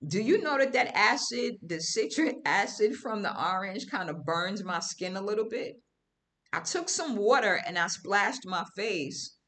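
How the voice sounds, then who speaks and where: A woman chats with her livestream viewers in a bright, forward voice. She tells her story in loose, animated, slangy talk. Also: medium pitch, measured pace. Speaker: livestream host. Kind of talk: casual storytelling to a live audience.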